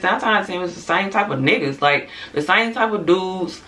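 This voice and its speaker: A woman's voice: lowish voice, normal speed, hardly any pauses, fairly bright tone, far from the mic. A woman vlogger giving a casual, blunt opinion rant straight to her audience, profane and candid, with frequent asides.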